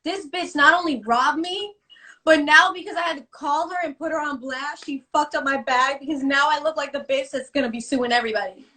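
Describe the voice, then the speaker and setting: A woman's voice: sits high, sharp tone. A woman as a podcast guest, speaking bluntly and profanely, checking dates and details as she talks. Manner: blunt, profane, quick to cite dates and receipts. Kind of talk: casual gossip chat.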